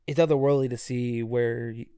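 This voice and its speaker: A young man co-hosts a podcast at medium pitch and normal speed, his clean voice captured in clean studio sound with no room noise. In casual chat he tells stories animatedly, acting out other people's voices.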